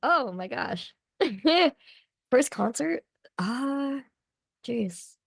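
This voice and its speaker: Young woman chatting on a podcast, laughs a lot, says like a lot, pretty high voice. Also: lively intonation, extremely slow, gravelly, breathy edge, dry recording, studio quality. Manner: giggly, chatty, lots of "like". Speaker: podcast guest, voice actress. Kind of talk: casual interview chat.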